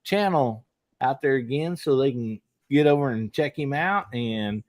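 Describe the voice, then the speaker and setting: A man's voice: medium pitch, animated, unhurried, no echo. A man hosting a casual live podcast, folksy and generous with praise for his guests. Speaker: podcast host.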